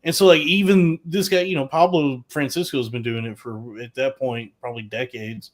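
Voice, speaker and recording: A man's voice: mid-range voice, fairly even intonation, moderate pace. A man co-hosting a podcast, explaining at length in casual chat. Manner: long-winded, explaining. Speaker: podcast co-host.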